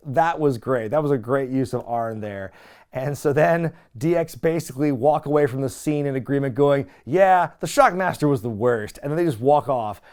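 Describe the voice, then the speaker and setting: A man hosting a casual wrestling recap, talking in an animated, chatty way with lots of filler words. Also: on the high side, clear, resonant tone. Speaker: wrestling recap podcast host.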